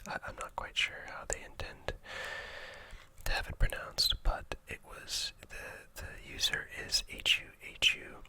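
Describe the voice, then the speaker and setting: A Canadian-accented ASMR host whispers unhurried commentary while browsing maps. The delivery is soft and gently hesitant, with a slow pace and a breathy whisper throughout.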